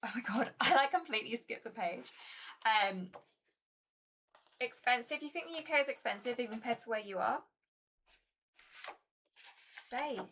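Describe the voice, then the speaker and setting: A woman's voice: fairly high pitch, lively intonation, moderate pace, pauses often, fairly bright tone, a little hiss or hum. A woman chatting casually to her viewers while playing a board game, chatty and self-mocking.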